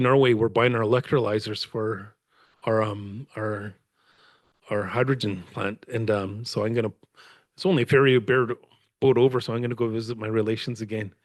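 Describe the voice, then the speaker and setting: A man's voice: mid-range voice, dry recording. Rambling, laughing storyteller man, dry sound. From Canada. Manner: rambling, animated, laughs often. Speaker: author and guest speaker. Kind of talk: conversational storytelling. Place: lecture event with audience.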